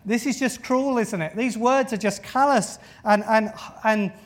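A man's voice: sits high, a little slow, pitched above the performer's own voice. A man voicing an indignant onlooker who protests in outrage, stammering as he objects. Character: indignant male onlooker objecting to harsh words.

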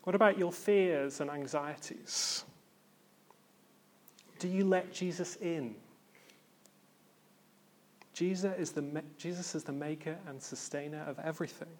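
A man preaching a sermon in an earnest, reflective way, with pauses and gentle emphasis. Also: a little high.

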